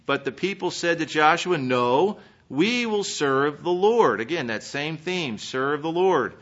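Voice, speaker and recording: A man preaching a sermon, earnestly reading scripture and swinging between emphatic peaks and quiet, searching questions. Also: fairly high pitch. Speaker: pastor. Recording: dull lo-fi sermon recording.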